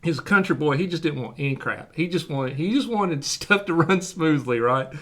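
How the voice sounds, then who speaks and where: A man's voice: fairly high pitch, lively intonation, moderate pace, fairly bright tone. A man telling a long, rambling personal anecdote to his podcast co-hosts, checking in with frequent "right?" asides. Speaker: podcast co-host. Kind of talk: casual storytelling chat.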